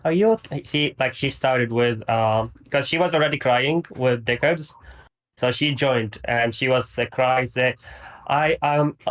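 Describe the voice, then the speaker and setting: A man's voice: medium pitch, unhurried, a bit bright. A man calling into a stream, retelling events in a rambling, hesitant way and laughing often. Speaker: caller. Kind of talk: casual call-in retelling.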